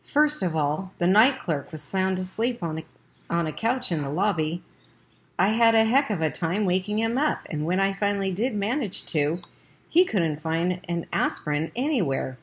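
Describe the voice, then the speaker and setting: A woman's voice: fairly low pitch, lively intonation, normal speed, lightly acted. A woman voicing a middle-aged father, exasperated and helpless.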